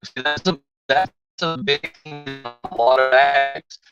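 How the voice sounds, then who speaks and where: A middle-aged man rambles through casual livestream chat, thinking aloud and reading out viewer names in a mid-range voice at a measured pace, over music. He's on a phone with a weak connection, so the stream audio comes through muffled and lo-fi from bad cell signal.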